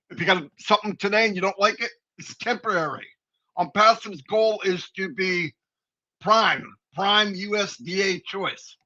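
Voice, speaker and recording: A man with a high voice and sharp tone co-hosts a live company stream, offering rambling, folksy, preachy advice as a casual pep talk. The stream audio is dull and lo-fi.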